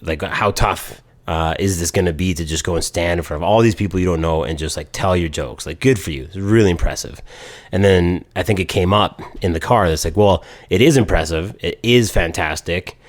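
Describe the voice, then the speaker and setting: A man's voice: sits low, a little fast. A man co-hosting a podcast, telling a story in casual chat and quoting people as he goes. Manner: animated storyteller, quotes people in voices. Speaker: podcast co-host.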